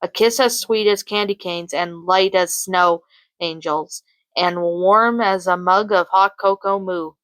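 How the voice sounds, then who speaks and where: A woman narrating a fan fiction story in an even, unhurried way, with small slips now and then. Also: on the low side, dry recording, rough recording.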